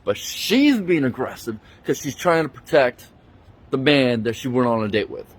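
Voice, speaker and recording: A man's voice: medium pitch, big pitch swings, normal speed. A man angrily retelling a bad experience in a profane, indignant rant, talking into a handheld phone he keeps switching between hands. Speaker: vlogger. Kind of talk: angry storytime rant.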